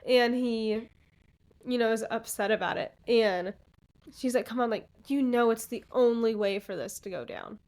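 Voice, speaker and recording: A woman's voice: on the high side, moderate pace, a little mellow. A woman co-hosting a podcast, casually recapping a book in a chatty way. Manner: chatty recapper, quotes characters in passing. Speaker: podcast co-host.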